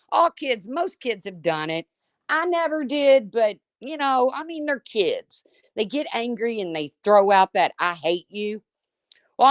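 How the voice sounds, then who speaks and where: A woman's voice: medium pitch, no echo, studio quality. Blunt, salty middle-aged woman chatting live. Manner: blunt, profane, folksy, reads chat aloud. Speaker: livestream host. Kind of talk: casual live chat, storytelling.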